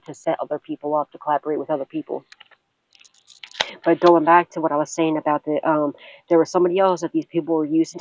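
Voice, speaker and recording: A woman's voice: low-pitched, darkish tone, rough recording. A woman psychic tarot reader giving a rambling, profane spiritual reading.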